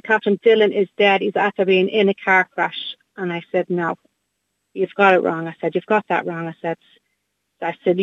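Middle-aged Irish mother on a muffled phone line, halting and repetitive, flat, dry. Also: on the low side, dry recording. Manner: halting, repeats herself, many fillers. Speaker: guest, bereaved mother. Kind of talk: phone interview, emotional recounting.

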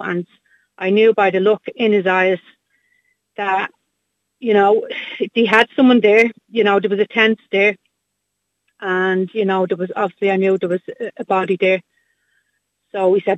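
A middle-aged Irish woman speaking by phone in an interview, halting and repeating herself with many fillers. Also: mid-range voice, dry recording. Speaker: guest, bereaved mother. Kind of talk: phone interview, emotional recounting. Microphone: phone line. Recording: dull phone line.

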